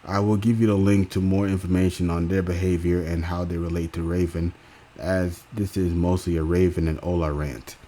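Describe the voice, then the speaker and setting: A young man with a very low, deep voice rants casually to his viewers. He stumbles through restarts and fillers and swears freely as he goes. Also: little pitch movement, moderate pace, dark tone. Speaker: YouTube commentator. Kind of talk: casual reaction rant.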